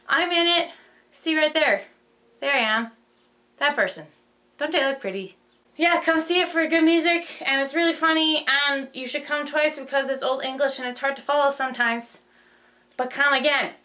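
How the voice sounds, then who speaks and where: A young woman rushing through a casual plot summary, rambling with lots of fillers and self-corrections, bubbly and flustered. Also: high voice, bright, forceful tone. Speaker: video host.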